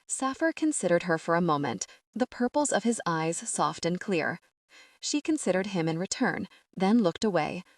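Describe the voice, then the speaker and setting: A woman narrating a fantasy audiobook in a measured, steady reading. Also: on the low side, no echo, clean studio sound.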